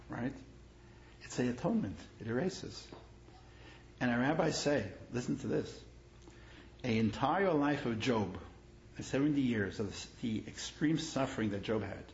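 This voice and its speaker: Gravelly rabbi lecturing in an echoey room. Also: male voice, mid-range voice. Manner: grows animated and emphatic in stories, repeats phrases. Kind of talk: lecture with personal stories. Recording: echoey room, dull lo-fi sound, faint noise.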